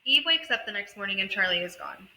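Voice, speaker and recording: Woman, podcast co-host, casual book chat, bright tone, animated retelling, faint hiss. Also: medium pitch, quick pace, rough recording. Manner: animated retelling, acting out characters.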